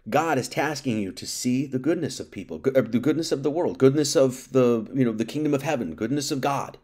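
A man's voice: medium pitch, expressive, normal speed, a little mellow. A man giving an informal sermon, talking casually, reading scripture and acting out quotes, with many restarts. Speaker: preacher.

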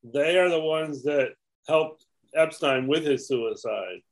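A man's voice: a little high, slow pace, low-quality recording. Matter-of-fact man co-hosting a podcast. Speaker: podcast co-host. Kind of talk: casual chat.

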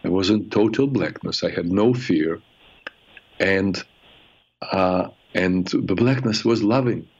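A man hosting a call-in advice show, speaking earnestly and reflectively with frequent halting restarts. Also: low voice, darkish tone, husky. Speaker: radio show host and therapist. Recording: muffled radio broadcast sound.

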